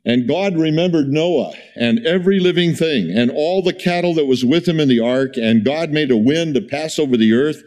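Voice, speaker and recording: A man giving a sermon in a conversational, storytelling way, full of fillers and restarts, his pitch jumping up when he is incredulous. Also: moderate pace, few pauses, darkish tone. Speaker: pastor.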